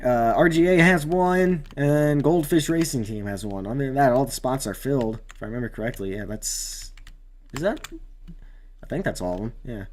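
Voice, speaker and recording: A man's voice: mid-range voice, lively intonation, moderate pace, darkish tone, a little hiss or hum. A man casually commenting while racing in a video game, rambling with fillers and bursting out at near-crashes. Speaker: gamer doing race commentary.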